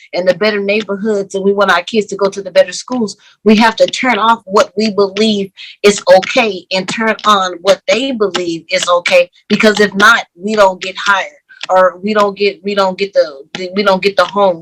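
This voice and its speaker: A woman co-hosting a casual podcast discussion, talking in a measured, reasoning way with some restarts. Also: mid-range voice, a bit bright, slight background noise, poor audio. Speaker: podcast co-host.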